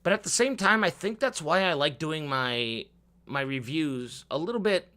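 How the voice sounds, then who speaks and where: A man's voice: lively intonation, normal speed. A man talking off the cuff in a vlog, with an upward inflection, swearing freely and repeating words as he goes. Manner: upward inflection, swings from loud rants to low mutters. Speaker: vlogger. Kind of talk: off-the-cuff monologue.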